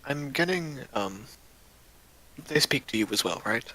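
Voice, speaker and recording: A man's voice: medium pitch, lively intonation, a little slow, pushed and bright, pitched above the performer's own voice, low-quality recording. A man voicing a courtly, wary young prince in a tabletop role-play, speaking politely and hesitantly, with dry humor. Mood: wry.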